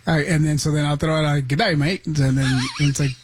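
Man, radio show staffer, rambling anecdote, fairly high voice. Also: flat delivery, fast, husky, no room sound. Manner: loose anecdotal telling. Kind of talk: casual radio banter.

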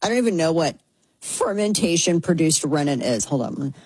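A woman with a low, husky voice hosts a casual talk show. She is chatty and sarcastic and keeps dropping into mocking voices. The sound is dry and close. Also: expressive, moderate pace, a little mellow, no room sound, poor audio. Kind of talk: casual commentary.

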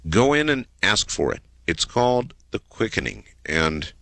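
A man hosting a late-night call-in radio show, taking callers with a dramatic, drawn-out delivery. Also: lowish voice, very animated, a bit bright, no room sound. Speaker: radio talk show host. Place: radio studio.

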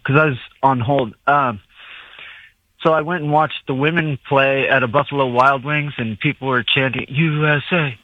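Male caller, hesitant and pausing, mid voice, dull phone line. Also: medium pitch, dry recording. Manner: hesitant, lots of ums. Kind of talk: call-in radio chat.

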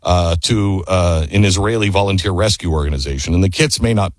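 A middle-aged man hosting a talk radio show, telling a story in an animated way, with sudden high exclamations, and reading ads. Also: a little fast, no echo.

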